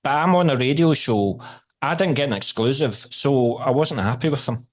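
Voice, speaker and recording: A man's voice: mid-range voice, lively intonation, normal speed. Scottish man, radio-host interviewer, cheeky and teasing, swears casually. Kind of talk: casual video call interview.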